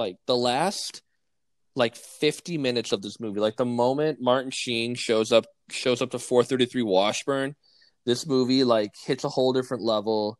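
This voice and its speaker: A man's voice: mid-range voice, dry recording. Chill guy on a movie podcast, like every other word, mid voice, dry sound. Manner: relaxed, says "like" constantly. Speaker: podcast co-host. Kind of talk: casual movie discussion.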